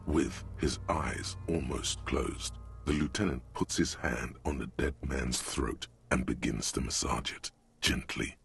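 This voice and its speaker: A man voicing a solemn game narrator in scripted dramatic narration, deep and gravelly. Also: slow pace, faint music behind, exaggerated voice.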